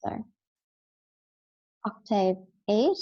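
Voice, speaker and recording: A woman's voice: medium pitch, sing-song, extremely slow, highs cut off. A woman teaching a recorded lesson, explaining step by step and often checking in with "right?".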